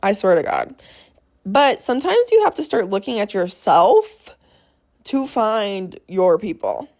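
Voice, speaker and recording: A woman's voice: medium pitch, sing-song, measured pace, a little mellow. A young woman hosting her own podcast, talking alone in a blunt, profane, rambling way and giving pep talks. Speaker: podcast host. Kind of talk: casual solo podcast monologue.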